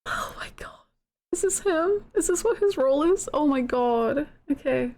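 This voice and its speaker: A woman's voice: high voice, animated, moderate pace, darkish tone. A woman streamer giving playful, giggly, exclamatory commentary on a live game playthrough. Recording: game music under the voice. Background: game music.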